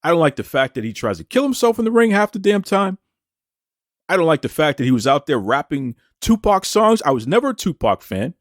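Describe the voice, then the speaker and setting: A man's voice: a little high, very animated, a little fast, no room sound, studio quality. A man hosting a wrestling commentary show, ranting in a taunting, combative way and firing off rhetorical questions. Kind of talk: opinionated wrestling commentary rant.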